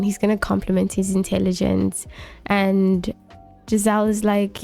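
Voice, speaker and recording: A woman's voice: medium pitch, flat delivery, normal speed, vocal fry, dark tone, faint music behind. A woman casually narrating a life-sim game, retelling the characters' lines with fillers. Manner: casual, retelling scenes in quotes. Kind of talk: let's play narration.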